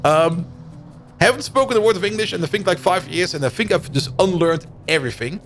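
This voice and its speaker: A man's voice: high voice, a little fast, fairly bright tone, a little hiss or hum. A man in his thirties with a Dutch-German accent who grew up in Germany, casually thinking aloud as he streams a game and chats with viewers. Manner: thinks aloud while playing, chatty, laughs easily. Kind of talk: casual let's-play commentary.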